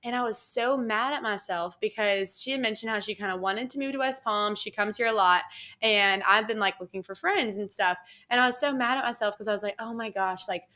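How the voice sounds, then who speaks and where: A woman's voice: mid-range voice, brisk. A young woman hosting a podcast, telling a personal story in a casual, chatty way. She fills her speech with "like" and "you know.". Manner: animated, acts out dialogue. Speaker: podcast host.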